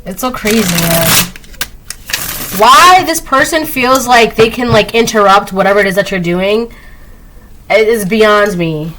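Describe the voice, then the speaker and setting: A woman doing a casual spoken tarot reading, chatty, laughing often and acting out quick quoted voices. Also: medium pitch, fairly bright tone, slight background noise, rough recording. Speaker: tarot reader.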